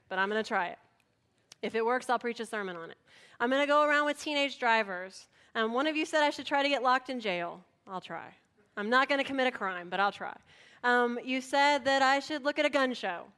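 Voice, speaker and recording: Animated woman pastor telling a story. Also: high voice, fairly quick, clear, resonant tone. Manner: animated storytelling, acts out voices. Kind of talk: sermon.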